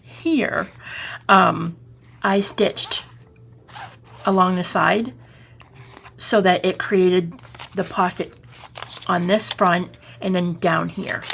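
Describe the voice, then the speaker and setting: Boston-accented woman, craft-tutorial host, a bit of gravel in her voice, rambles and self-corrects as she works. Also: mid-range voice, a bit bright, a little hiss or hum. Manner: chatty, rambling, self-correcting, often checking the viewer follows. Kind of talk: casual step-by-step crafting tutorial.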